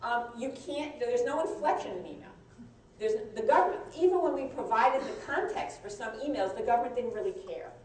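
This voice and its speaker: A woman lawyer giving a live compliance training talk, conversational and halting, with frequent restarts. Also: fairly high pitch, lively intonation, a little mellow. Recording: echoey room, mic far off, faint noise.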